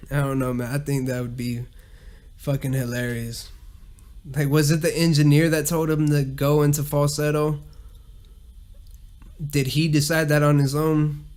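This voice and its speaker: A man's voice: on the high side, little pitch movement, moderate pace, pauses often, darkish tone. A man hosting a casual solo podcast, rambling and cursing a lot and laughing at his own jokes. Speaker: podcast host.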